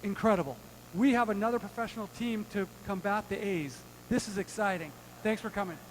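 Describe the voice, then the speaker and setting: A man with a high-pitched voice introduces a guest with clear enthusiasm. A faint noise sits behind him. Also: fairly quick. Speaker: club member introducing a guest.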